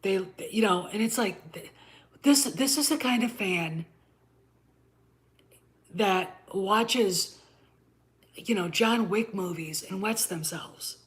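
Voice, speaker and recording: A woman's voice: mid-range voice, takes it slowly, pauses often. Blunt, cursing woman ranting to viewers. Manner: blunt, profane, repeatedly asking "okay?". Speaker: channel host. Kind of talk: ranting commentary to camera.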